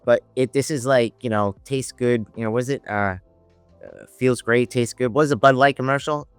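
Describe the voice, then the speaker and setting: Faint music plays as an options trader, a guest on a podcast, recounts a story in relaxed conversation, meandering, restarting repeatedly, and voicing the people in it. His medium-pitched voice is clear and resonant at a moderate pace, with no echo.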